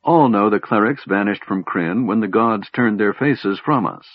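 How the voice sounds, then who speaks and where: A man's voice: on the low side, normal speed, no room sound, lo-fi sound, lightly acted. A man reading an audiobook voices a stern, grim male elven leader who speaks in a formal, clipped way.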